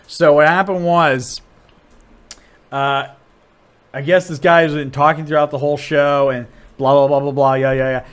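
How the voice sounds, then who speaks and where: A comedian from Ohio talks shop on a podcast in a somewhat high male voice. He restarts sentences, curses freely, and launches into animated stories, jumping up in pitch and volume as he acts out the people in them. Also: normal speed, smooth. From Dublin, Ohio, USA. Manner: animated storyteller, voice jumps high and loud when acting out people; swearing, restarts. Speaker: comedian guest. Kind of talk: casual podcast chat.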